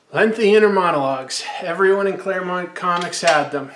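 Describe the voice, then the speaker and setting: An enthusiastic man rambles through a casual comic book review while sipping absinthe. His voice sits somewhat high for a man. The room around him is roomy and echoey. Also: brisk, few pauses, fairly bright tone.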